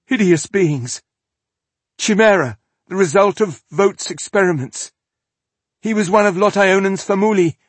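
A man's voice: high-pitched, steady tone, takes it slowly, hardly any pauses, dry recording, pitched above the performer's own voice. A man voicing a frightened captive man who stammers and pleads. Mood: terrified.

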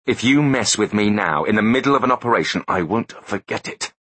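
A man's voice: on the low side, lively intonation, fairly bright tone, husky, dry recording, voice pushed up. A man voicing a tough, no-nonsense female captain in an audiobook. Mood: brisk. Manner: brisk, commanding. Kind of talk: audiobook character voice.

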